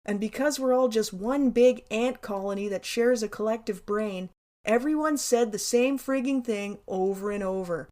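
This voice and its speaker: A woman's voice: on the high side, moderate pace, warm tone. A woman narrating her own memoir in a wry, candid, sarcastic way, with casual swearing.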